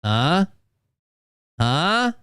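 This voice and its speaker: A man's voice: fairly high pitch, very animated, drawn-out words, a bit bright, clean tone, no room sound, studio quality. A man mocking a played clip with crude, sarcastic, profane ridicule. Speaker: reaction commentator.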